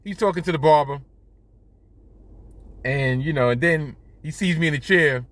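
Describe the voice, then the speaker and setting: A man telling stories on his podcast in a bright, sharp voice that runs high for a man. He swings his pitch all over, swears freely and pokes fun at himself. The sound is dry and close. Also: moderate pace, dry recording. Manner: animated, profane, self-mocking. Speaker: podcast host. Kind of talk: casual storytelling monologue. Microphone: studio podcast mic.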